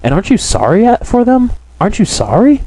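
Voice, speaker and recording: A man's voice: medium pitch, expressive, normal speed, mellow, poor audio. A man voicing a timid young woman in an audiobook, lifting his voice a little and speaking in a plaintive, pleading way. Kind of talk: audiobook character reading.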